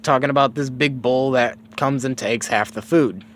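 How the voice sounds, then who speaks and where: A man's voice: medium pitch, moderate pace, fairly bright tone, slight background noise. A man casually retelling a story, rambling and profane, with lots of fillers.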